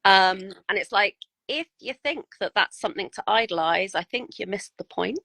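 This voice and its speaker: A woman's voice: medium pitch, animated, moderate pace, creaky, pushed and bright, dry recording, rough recording. A woman, a guest miniature painter, chatting bluntly and frankly on a podcast and swearing freely. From United Kingdom. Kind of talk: casual podcast chat.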